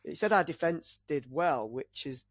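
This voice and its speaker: Male co-host, slightly high voice, playful and quick to laugh. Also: animated, no room sound, studio quality. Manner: jokey, laughs often. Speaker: podcast co-host. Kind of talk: casual chat.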